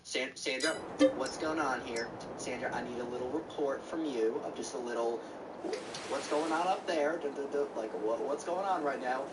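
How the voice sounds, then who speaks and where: A man's voice: medium pitch, normal speed, natural voice. A man voicing a male schoolteacher with a falsely upbeat, everything-is-awesome tone. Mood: pestering. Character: fake-cheerful male schoolteacher. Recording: distant mic, loud vehicle noise.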